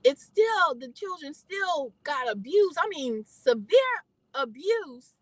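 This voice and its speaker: Fiery, high-pitched middle-aged woman. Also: slow, dry recording, low-quality recording. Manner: fiery, preachy, talks straight to the audience; swings between shouting and calm asides. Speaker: vlogger. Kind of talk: impassioned monologue to viewers.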